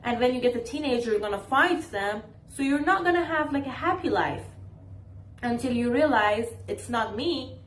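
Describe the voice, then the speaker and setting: A woman vlogger rants casually to the camera, exasperated and sarcastic. Her voice sits a little higher than usual. The sound is roomy and echoing, with faint ambient noise underneath. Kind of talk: casual talking-to-camera commentary.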